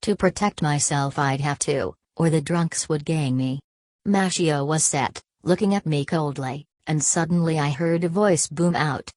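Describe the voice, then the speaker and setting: A woman reading a novel aloud as an audiobook narrator, voicing every character in one steady voice. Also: deep voice, a little slow, no echo. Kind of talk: scripted narration.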